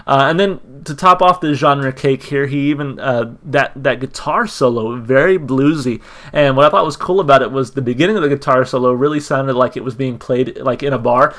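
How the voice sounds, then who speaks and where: A man's voice: medium pitch, fairly bright tone. A man hosting a music reaction video, chatting casually and thinking aloud with frequent ums and restarts. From Texas. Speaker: music reaction channel host.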